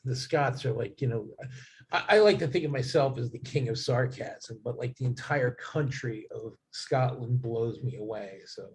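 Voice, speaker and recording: A man's voice: mid-range voice, normal speed. A man talking as a guest in a casual chat, rambling with many fillers and restarts.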